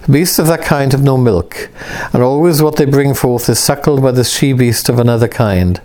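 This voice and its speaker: A man reading aloud the lines of an ancient spirit who rules a world, in a stately, unhurried way. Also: mid-range voice, mellow, pitched above the performer's own voice, lightly acted. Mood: explaining.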